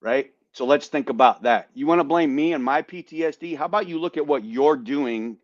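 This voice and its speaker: A man on a podcast telling a story in a casual, animated way, swearing and repeating words as he goes. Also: a little high, fairly quick, dry recording, dull audio. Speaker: podcast host, veteran.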